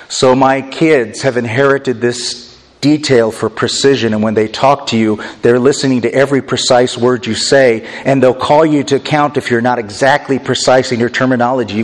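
Middle-aged man, pastor preaching; earnest, self-deprecating, deliberate emphasis; reverberant church hall. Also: medium pitch. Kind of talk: sermon. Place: church sanctuary.

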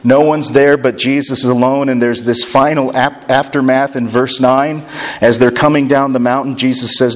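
Preacher in a reverberant hall. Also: male voice, medium pitch, level tone. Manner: dramatic swings between loud and hushed, slow emphatic phrasing. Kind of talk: sermon. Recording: long reverb of a large hall.

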